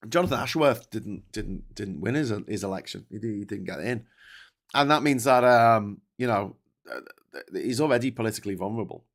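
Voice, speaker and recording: A man's voice: fairly low pitch, animated, fairly quick. A man with a posh Scouse accent hosting a live political stream, talking casually with lots of swearing and restarts while he reads out and answers chat messages. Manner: rambling, sweary, stop-start with many restarts. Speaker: political livestream host.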